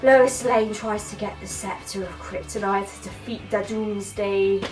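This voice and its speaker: A woman's voice: mid-range voice, fairly even intonation, measured pace, over music, poor audio. A woman doing a rambling, slangy comic film review.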